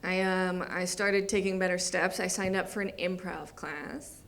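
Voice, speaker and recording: A woman's voice: on the low side, steady tone, moderate pace, gravelly. A young adult woman doing stand-up comedy, with a wry, self-deprecating delivery and acted-out quotes. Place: comedy theater stage before a live audience. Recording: live room with audience noise. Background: audience laughter.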